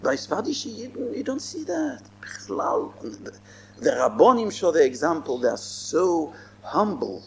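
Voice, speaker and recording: A man's voice: fairly high pitch, big pitch swings, moderate pace, darkish tone, a little hiss or hum. A man giving a Torah lecture as a rabbi, emphatic and repeating his phrases. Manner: emphatic, repeats phrases, mixes in Hebrew and Yiddish terms.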